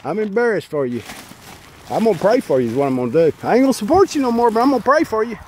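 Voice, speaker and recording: A man's voice: high voice, sing-song, racing, a little mellow, slight background noise. A man, ranting bitterly outdoors, addressing his old team directly in a preachy, drawling way. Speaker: fan burning team memorabilia. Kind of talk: angry outdoor monologue to camera. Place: outdoors by a fire.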